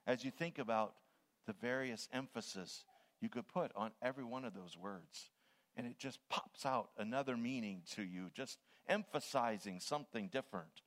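Animated older man preaching a sermon. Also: mid-range voice, moderate pace. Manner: animated, stresses words, swells loud on scripture.

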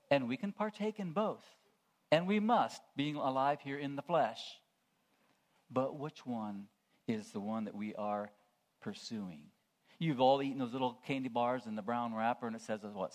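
A man preaching a sermon. He swings between hushed, low asides and loud, proclaiming calls to the congregation.

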